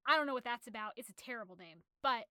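A young woman casually retelling a novel's plot on a podcast, animated and rambling with many fillers. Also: a little high, fast talker, clean tone. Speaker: podcast host.

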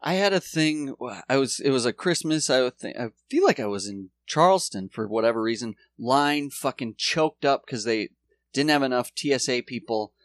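A man's voice: medium pitch, lively intonation, moderate pace, no room sound, studio quality. A man in casual comedic chat, telling an airport story with profanity and mocking quotes. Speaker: podcast co-host.

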